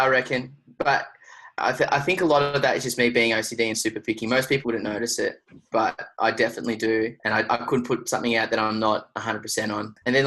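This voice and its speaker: Guest: Australian man, mid-pitched, laid-back and rambling, peppered with "like", casual shop talk. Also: rough recording. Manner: relaxed, rambling, lots of 'like' fillers. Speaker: guest producer. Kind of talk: casual studio interview.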